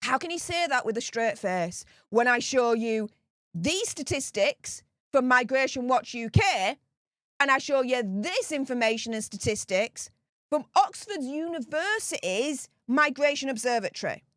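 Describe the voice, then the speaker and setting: A woman's voice: high voice, very animated, a bit bright, no room sound, clean studio sound. A woman giving solo political commentary, reading out figures and then firing off indignant, emphatic rhetorical questions. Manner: reads out statistics slowly, checking in with "okay?".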